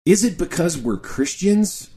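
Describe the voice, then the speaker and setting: A middle-aged man co-hosting a podcast in casual chat, animated and joking, often saying "dude". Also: sits high, measured pace. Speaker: podcast co-host.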